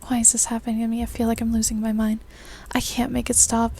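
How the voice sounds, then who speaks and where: A woman reading the lines of a shy, bookish young woman from a game, soft and hushed. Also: a little high, monotone, fast talker, vocal fry, a little hiss or hum. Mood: flustered.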